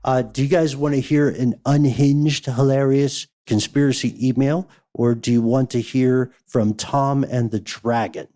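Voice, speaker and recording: Podcast co-host, man, warm mellow tone, casual mail-reading chat. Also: medium pitch, fairly even intonation, unhurried, hardly any pauses. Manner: introduces and reads out listener mail.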